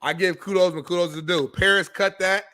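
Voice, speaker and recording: A man's voice: high voice, fairly even intonation, brisk, sharp tone, dry recording. A man co-hosting a sports talk show, chatting in a laid-back, joking, playful way. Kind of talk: casual chat.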